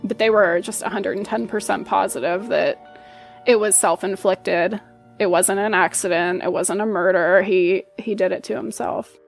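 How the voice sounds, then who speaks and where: A woman's voice: mid-range voice, fairly even intonation, normal speed, vocal fry, faint music behind. Hesitant woman telling a hard story. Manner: hesitant, repeating words as she restarts. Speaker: interview guest. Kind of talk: emotional personal account.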